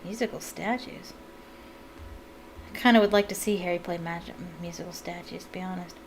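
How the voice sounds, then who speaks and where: A woman's voice: on the low side, fairly quick, slight background noise, poor audio. A woman reading a novel aloud and breaking off for chatty asides of her own. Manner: chatty asides between narrated passages. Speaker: book reader.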